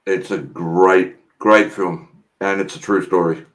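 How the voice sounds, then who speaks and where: A man's voice: deep voice, fairly even intonation, measured pace, poor audio. An Australian man hosting a casual chat, telling stories bluntly and swearing freely. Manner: swears freely, brash storytelling.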